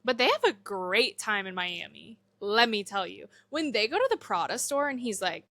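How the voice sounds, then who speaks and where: A woman's voice: mid-range voice, animated, moderate pace, hardly any pauses, a bit bright, dry recording. A young woman cohosting a podcast, chatting casually about a movie and quoting its characters.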